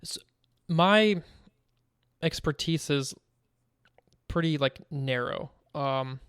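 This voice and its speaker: A man's voice: a little high, slow pace, a bit bright, clean tone, no room sound, clean studio sound. A man co-hosting a casual gaming podcast, telling stories animatedly and laughing as he goes. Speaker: podcast co-host. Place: home.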